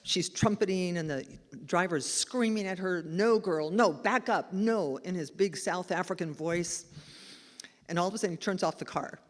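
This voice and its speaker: A woman's voice: on the low side, moderate pace. Chatty woman minister in a reverberant hall. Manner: chatty and animated, laughing as she tells the story. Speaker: spiritual director and minister. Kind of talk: lively storytelling sermon. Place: church sanctuary, live service. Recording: long hall reverb in a church.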